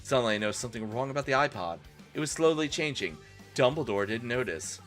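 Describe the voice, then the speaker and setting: A man's voice: mid-range voice, lively intonation, fast, fairly bright tone, faint music behind. A man streaming a comedic dramatic reading with mock-dramatic narration and wry asides.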